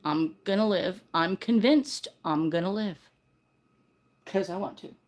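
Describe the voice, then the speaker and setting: An older woman hosts a casual livestream in a mid-range, slightly mellow voice at a measured pace. She's earnest and heartfelt, rambling and correcting herself as she often restarts her sentences.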